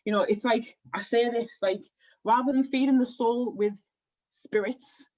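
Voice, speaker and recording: Podcast guest: a woman healer with a husky voice, animated and rambling. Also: fairly high pitch, measured pace, poor audio. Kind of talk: casual podcast conversation.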